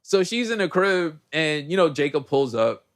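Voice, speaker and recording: Animated slang-heavy male podcast host. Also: a little high, normal speed. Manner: animated storyteller, heavy slang, acts out characters. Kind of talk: casual movie recap chat.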